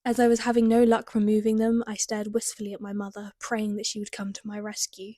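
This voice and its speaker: A young British woman reads her old teen novel aloud and mocks it in wry asides. Her voice sits at an ordinary middle pitch, and the sound is close and dry, with no room echo. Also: completely flat delivery, a little fast, warm tone. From Britain. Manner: wry, self-mocking, laughing asides. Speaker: author reading her teen writing. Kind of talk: reading aloud with comic commentary.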